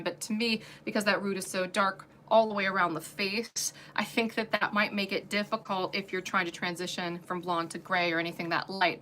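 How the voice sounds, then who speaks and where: A woman's voice: mid-range voice, bright, forceful tone, a little hiss or hum. A woman hosting a casual livestream as a wig reviewer, chatty and giggly, with lots of fillers. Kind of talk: casual livestream product chat.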